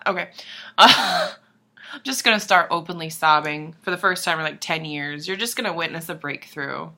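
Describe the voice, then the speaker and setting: Gushing young woman, bright voice. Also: deep voice. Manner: gushing and excitable, swearing, sudden soft whispers and squeals. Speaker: vlogger. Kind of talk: casual chat to camera.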